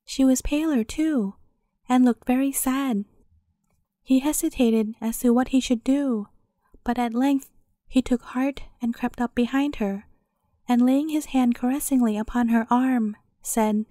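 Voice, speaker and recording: A woman narrates a fairy tale in a calm, even storytelling voice. Her pitch sits high while the tone stays dark and mellow. The recording is dry and close. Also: unhurried, dry recording.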